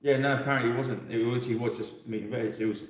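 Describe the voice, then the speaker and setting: A man's voice: medium pitch, steady tone, fast. A man co-hosting a live stream, giving short, laconic replies in casual banter. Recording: very echoey, dull remote audio.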